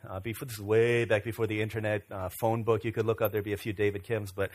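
A man's voice: fairly low pitch, little pitch movement, quick pace, few pauses, a little mellow. Conversational middle-aged male pastor. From Virginia, USA. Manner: conversational, self-deprecating storyteller. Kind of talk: storytelling sermon.

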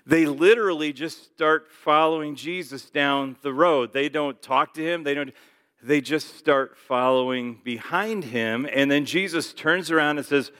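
A man's voice: a little high, a little slow, fairly bright tone, clear, resonant tone, in a large hall. A male pastor giving a casual sermon with joking asides and frequent fillers, in a church sanctuary.

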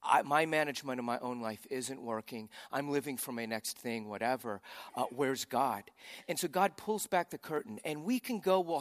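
Male pastor, sermon delivery, mid pitch, dynamic loud-to-soft emphasis, long hall reverb. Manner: animated, swings from loud emphasis to quiet intensity.

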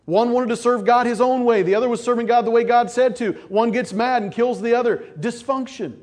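A man preaching a lively sermon who acts out the voices of scripture figures as he tells the story. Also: very high voice, fairly quick. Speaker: pastor.

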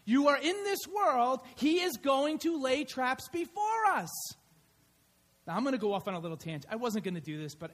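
A man preaching a conversational sermon in church, telling stories in an animated way. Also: sits high. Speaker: pastor. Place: church sanctuary.

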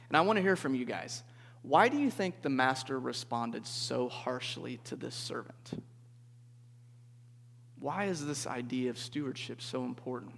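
A man preaching to a group in a relaxed, conversational way, often checking in with "okay?" and asking the listeners questions. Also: medium pitch, creaky. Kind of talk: interactive sermon. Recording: reverberant hall.

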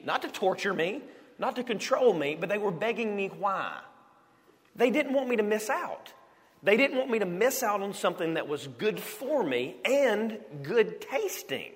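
Animated preacher in an echoing hall. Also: male voice, high voice. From United States. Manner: animated storytelling, rhetorical questions to the congregation. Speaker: pastor. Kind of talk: sermon. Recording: long hall reverb.

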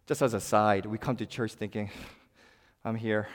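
A male pastor delivering a sermon, swinging between forceful emphasis and hushed, quiet passages. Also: fairly low pitch, fairly quick, long reverb tail. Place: church.

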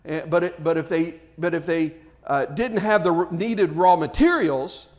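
Male preacher with a high voice; fervent, emphatic sermon delivery with frequent restarts. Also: normal speed.

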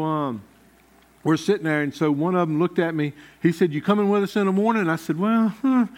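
Pastor guy preaching, folksy and chatty, kinda high voice. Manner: folksy, conversational preaching with Southern grammar. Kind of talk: sermon.

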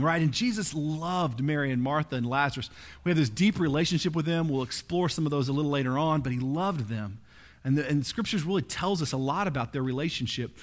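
A man preaching a sermon in a conversational, animated way, often checking in with his listeners. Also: fairly high pitch. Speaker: pastor.

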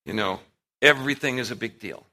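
A middle-aged man preaching a sermon to a live audience, telling stories with animated swings in volume and acting out what people said. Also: medium pitch, brisk. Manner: animated storytelling, acting out quotes with big swings in loudness.

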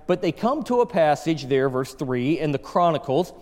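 High-voiced preacher in a reverberant hall. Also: male voice, moderate pace. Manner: animated storytelling, reads scripture aloud. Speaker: pastor. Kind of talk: sermon.

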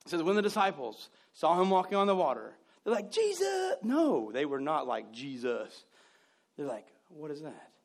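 A man preaching a sermon, joking with the congregation and acting out scenes, swinging from loud outbursts to hushed asides. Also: a little high, a little fast, few pauses. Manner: animated and joking, acts out scenes. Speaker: pastor.

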